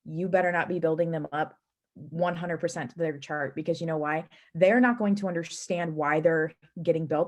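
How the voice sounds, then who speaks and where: A woman's voice: fairly low pitch, darkish tone. A woman on a team video call earnestly sharing advice, with frequent fillers and restarts.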